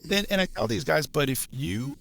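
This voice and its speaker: A man around fifty, a journeyman lineman and podcast guest, telling stories in a blunt, profane, animated way. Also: a little high, moderate pace, gravelly. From Los Angeles area. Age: 50s. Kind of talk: casual storytelling chat.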